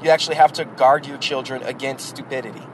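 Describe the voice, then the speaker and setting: A man hosts a podcast, speaking quickly in a steady, medium-pitched voice over slight background noise on a rough recording. As a parent, he talks bluntly and at length about raising kids, delivering a casual, opinionated monologue that is rhetorical and addresses the listener directly.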